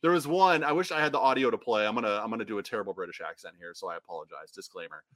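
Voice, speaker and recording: A man co-hosting a soccer podcast, rambling in a casual chat with frequent restarts and quick laughs. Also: fairly low pitch, fairly bright tone, no room sound. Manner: rambling, restarts often, laughs between phrases. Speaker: podcast co-host.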